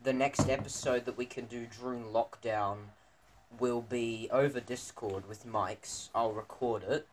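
A man's voice: mid-range voice, steady tone, measured pace. Teen male podcast co-host, rambling storyteller, faint background hiss. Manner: rambling storyteller with many fillers and restarts. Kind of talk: casual podcast chat among students.

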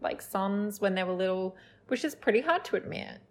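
A woman's voice: medium pitch, animated, moderate pace. A woman co-hosting a casual podcast, giving playful, opinionated takes on reality TV. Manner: opinionated, playful, rants in jest. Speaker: podcast co-host. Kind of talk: casual chat recapping reality TV.

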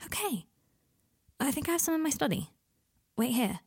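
A woman reading as a gentle young wizard. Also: mid-range voice, a little fast, close to an everyday voice. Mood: soothing. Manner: soothing, reassuring.

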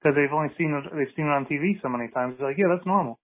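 A man with a somewhat high voice lays out his points carefully during a relaxed podcast chat. His voice has a faintly radio-like sound to it. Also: rapid-fire, poor audio. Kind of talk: casual podcast conversation.

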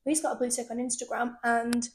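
High-voiced young woman gossiping. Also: fast, heavy background noise. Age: young adult. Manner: chatty, gossipy, animated. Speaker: podcast co-host. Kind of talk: casual chat.

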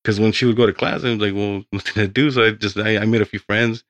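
A man's voice: on the low side, level tone, fast talker, fairly bright tone, dry recording. A young man, a podcast guest, telling his story in a rambling, casual way with lots of swearing.

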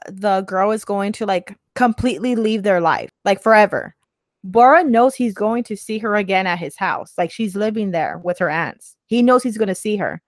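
A woman's voice: mid-range voice, no echo. A woman co-hosting a casual chat, recapping a TV drama and acting out the characters' lines with energy. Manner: animated, acts out characters' lines while recapping. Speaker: podcast co-host discussing a TV drama.

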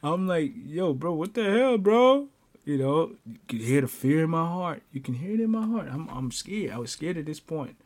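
A man hosting a podcast, telling a personal story in casual chat, animated, often stammering and breaking into laughter. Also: fairly high pitch, brisk. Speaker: podcast host.

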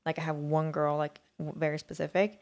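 A woman's voice: deep voice, level tone, brisk, darkish tone. A woman co-hosting a podcast, chatting casually and rambling with many fillers and restarts. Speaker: podcast co-host. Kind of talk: casual chat.

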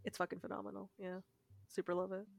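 A woman co-hosting a podcast, telling a story in a casual, animated way and swearing freely. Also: mid-range voice, fast, gravelly, dry recording. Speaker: podcast co-host. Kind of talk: casual chat.

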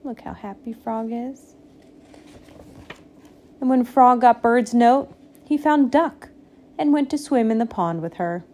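A woman reading a picture book aloud, slow and expressive, giving the animals little voices. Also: fairly high pitch. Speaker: storybook reader.

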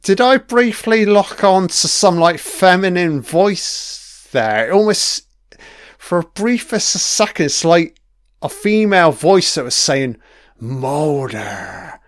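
A man's voice: high voice, lively intonation, slow, clear, resonant tone, dry recording, clean studio sound. A man giving a casual commentary on a TV episode, chatty and swearing freely, laughing along as he watches.

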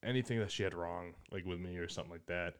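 A man in casual chat, agreeable and quick to laugh, swearing casually. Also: sits low, clean tone.

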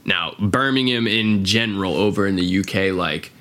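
An American podcast host talks in a low, sharp-toned voice at a moderate pace. His casual chat rambles, full of swearing and filler words.

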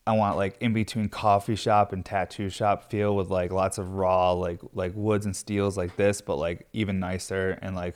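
A stressed man talking candidly in a casual vlog, rambling with lots of fillers and swearing freely. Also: low voice. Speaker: glass studio owner.

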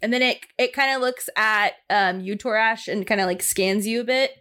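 A woman runs a tabletop game as its dungeon master, narrating scenes in a slightly high voice. Her delivery is casual and laid-back, full of fillers. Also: normal speed, pushed and bright.

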